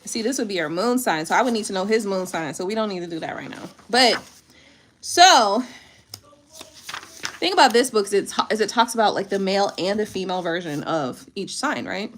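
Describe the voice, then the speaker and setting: A woman tarot reader in casual chat, reading aloud from a book with chatty, animated asides and frequent laughter. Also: medium pitch, fairly quick, a little hiss or hum.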